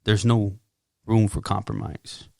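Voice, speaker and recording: Gravelly man telling his story. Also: fairly low pitch, measured pace, no room sound, clean studio sound. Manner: animated, acts out his own quotes loudly. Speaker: podcast guest. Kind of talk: casual testimony.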